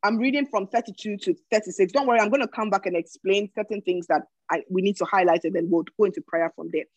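A woman's voice: medium pitch, fast talker, darkish tone, no echo, poor audio. A woman teaching from the Bible in a sermon style. She reads verses aloud, then explains them with emphasis and often repeats words as she thinks.

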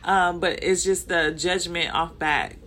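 Unhurried and steady, a woman with a lowish, fairly bright voice describes her experiences as a manager. Raised in Compton and speaking with a Southern Californian accent, she explains things loosely, with plenty of fillers and self-corrections.

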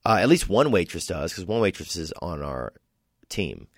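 A man's voice: low voice, normal speed, dry recording, clean studio sound. A young man from Louisiana, a comedian guest, chatting casually and telling rambling stories, sometimes doing voices for the people in them. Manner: rambling, storytelling, animated voices for quoted people. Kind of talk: casual podcast chat.

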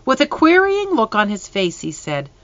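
Storybook narrator, bright voice, reads slow and expressive, dry close sound. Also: mid-range voice, no room sound, dull audio. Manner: expressive, unhurried reading with lively swings in tone. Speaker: audiobook narrator.

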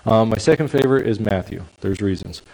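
Man preaching a lively, chatty sermon. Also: on the low side, a little fast, gravelly, low-quality recording. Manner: lively, conversational preaching with asides and audience checks. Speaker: pastor.

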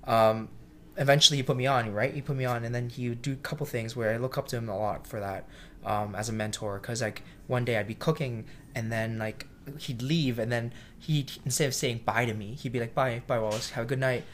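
A cook telling a kitchen story. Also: male voice, mid-range voice, a little fast, slight background noise. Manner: animated storyteller, acts out quotes loudly; self-described shy. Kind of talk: casual storytelling interview.

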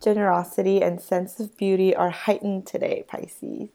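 A woman co-hosting a podcast in casual chat, her voice hoarse and raspy from being sick. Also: medium pitch, level tone, normal speed, mellow. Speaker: podcast co-host.

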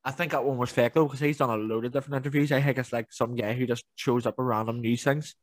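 A man's voice: mid-range voice, quick pace, no room sound. A young man, chatting casually on a podcast and swearing freely. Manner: animated, swearing, mimics viral clips. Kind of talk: casual chat.

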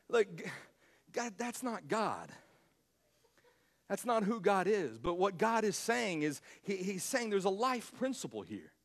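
A man preaching a sermon as pastor, emphatic, repeating his words and swinging between loud and quiet. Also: sits high.

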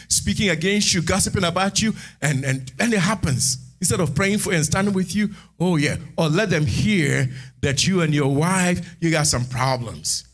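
A man preaching a sermon in church, animated, moving between hushed asides and shouted lines. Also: sits high. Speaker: pastor.

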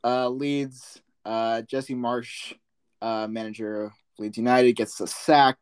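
A young man hosting a podcast, chatting casually about sports in a relaxed way with many fillers. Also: mid-range voice, slow pace, clear, resonant tone. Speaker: podcast host.

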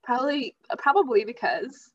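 A woman hosting a casual podcast chat, animated and self-deprecating, laughing often. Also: high voice, normal speed, highs cut off.

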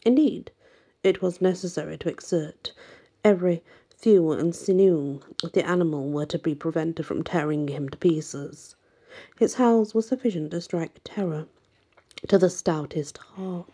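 A woman narrating an old legend in a deep, unhurried voice that keeps dropping to a hushed whisper. Her tone is mellow and husky, building a dark, spooky mood. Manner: dramatic, often sinking to a breathy whisper. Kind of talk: reading a folk legend aloud.

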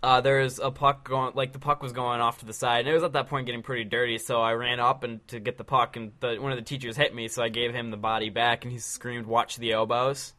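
A teenage boy on a casual podcast, telling rambling stories with quick laughs. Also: mid-range voice, little pitch movement, pushed and bright. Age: teens.

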